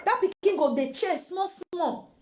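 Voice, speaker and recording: A woman's voice: very high-pitched, unhurried, over music. A Nigerian woman and mother giving casual parenting advice to camera, repeating phrases and mixing in pidgin.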